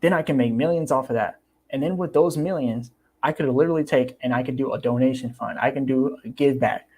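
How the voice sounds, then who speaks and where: A young man chats casually on his livestream. His voice sits at an ordinary, mid-range pitch for a man. He repeats himself and acts out the people he quotes, which keeps his delivery animated. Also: a little fast, breathy edge. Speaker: crypto YouTuber.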